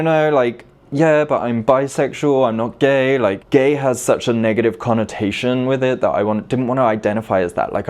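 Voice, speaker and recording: A man's voice: on the low side, a little mellow. A man, telling a personal story to camera in a confessional way and repeating words for emphasis. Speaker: vlogger.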